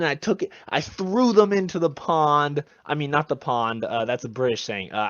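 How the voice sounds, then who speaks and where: A man's voice: medium pitch, normal speed, few pauses, a bit bright, dry recording. A man co-hosting a casual comedy podcast, telling goofy, absurd tall tales in a joking manner. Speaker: podcast co-host. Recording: dull lo-fi sound, dry.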